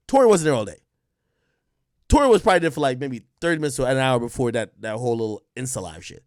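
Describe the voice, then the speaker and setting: Male commentator, somewhat high voice, blunt and profane, dry close mic. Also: a little fast, no room sound. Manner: animated, blunt, profane, talks straight to viewers. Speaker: commentator reacting to an interview clip. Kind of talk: casual reaction commentary.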